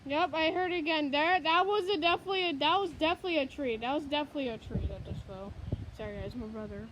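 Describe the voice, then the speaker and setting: A storm vlogger films a windstorm on a handheld phone outdoors, first by a house and then a garage, giving breathless, exclamation-filled live commentary. Her very high-pitched voice moves quickly over background noise.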